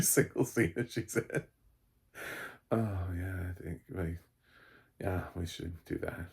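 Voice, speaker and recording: Husky, rambling, sarcastic man. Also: low voice, a little mellow. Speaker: film critic. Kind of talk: casual comedic review monologue.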